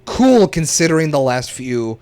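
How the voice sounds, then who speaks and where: Slangy, fast-talking young man. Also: a little high. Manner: animated, slangy, quick bursts of opinion. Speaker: podcast co-host. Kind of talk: casual chat.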